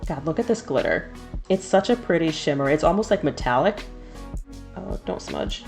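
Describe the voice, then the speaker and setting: Chatty thirties woman with a gravelly edge. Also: low-pitched, moderate pace, soft background music. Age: 30s. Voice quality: chatty, animated, laughs often. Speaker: streamer. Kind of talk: casual chat while doing nails.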